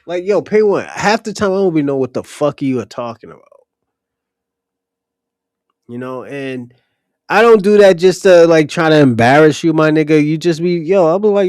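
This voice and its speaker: A man's voice: fairly high pitch, expressive, moderate pace, a little mellow, no room sound, studio quality. A man hosting a livestream, talking bluntly and profanely straight to his chatters. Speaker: livestream host answering chat. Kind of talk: casual ranting commentary.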